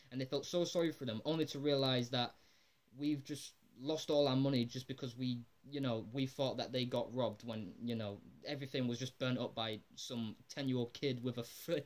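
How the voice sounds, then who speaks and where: A man talks through a cartoon episode in a loose, rambling recap. His voice sits at a middling pitch, and he gets excitable and drops in casual swearing and plenty of "like" fillers. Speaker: episode reviewer.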